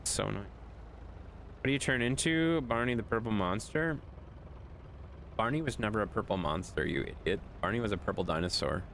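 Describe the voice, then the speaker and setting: Lively low-voiced man streaming a game. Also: fairly quick, gravelly, pauses often, a little hiss or hum. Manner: bantering, scolds and teases chat. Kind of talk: casual live-stream commentary while playing.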